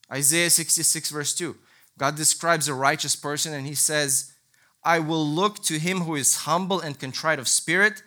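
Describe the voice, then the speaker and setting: A man preaching a sermon in an earnest, emphatic teaching manner, telling stories with lively energy. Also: medium pitch. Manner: lively storytelling.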